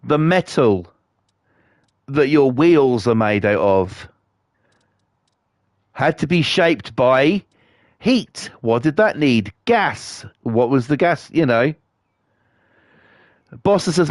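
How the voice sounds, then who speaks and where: A man's voice: medium pitch, expressive, a little slow, long pauses, dry recording, clean studio sound. Blunt, foul-mouthed British man ranting. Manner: profane, blunt, scornful. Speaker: livestreamer. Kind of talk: ranting stream chat.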